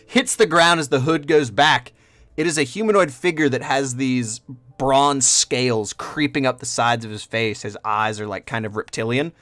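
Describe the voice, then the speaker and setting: A man's voice: medium pitch, normal speed, fairly bright tone, dry recording. Casual man narrating a tabletop game. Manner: loose and casual, many "like" fillers, swears. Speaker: game master.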